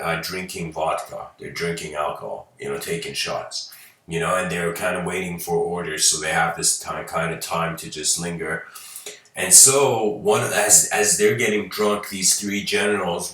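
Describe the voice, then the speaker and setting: Captured from afar in a roomy room, a deep-voiced man lectures at a moderate pace with a sharp tone. His storytelling is loose and meandering, heavy with fillers and the occasional chuckle.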